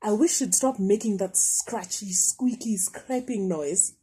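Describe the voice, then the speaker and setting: A woman voicing a family dog that complains about a squeaking noise, in a storybook read-aloud. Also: unhurried, warm tone, slightly rough. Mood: annoyed. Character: grumpy family dog with sore ears.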